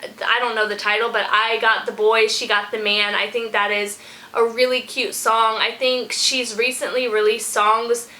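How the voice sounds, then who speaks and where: Woman vlogger from a small country town, casual and rambling, slightly high and bright. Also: level tone, normal speed, poor audio. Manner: chatty and rambling, thinks out loud, says "y'all". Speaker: music reaction vlogger. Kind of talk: casual chat.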